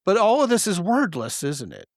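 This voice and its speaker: A man hosting a podcast, telling stories in a joking, animated way. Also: high-pitched, moderate pace, no echo, clean studio sound. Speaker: podcast host. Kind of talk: casual podcast conversation.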